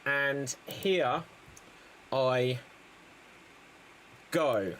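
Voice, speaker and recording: A man's voice: medium pitch, drawn-out words, fairly bright tone, slight background noise. A man hosting an improv comedy show, rambling and mocking himself.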